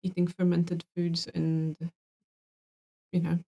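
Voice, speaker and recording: A woman's voice: on the low side, completely flat delivery, takes it slowly, vocal fry, mellow. Woman reading out q&a questions, blunt, casual, swears a bit. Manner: frank, casual, swears offhand. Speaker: co-host reading viewer questions. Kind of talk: live Q&A chat.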